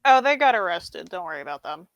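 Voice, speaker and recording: A woman's voice: fairly low pitch, big pitch swings, quick pace, gravelly, no echo. Breezy woman playing a tabletop character. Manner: breezy, playful, describes her character's actions. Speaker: player. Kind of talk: casual role-play chat.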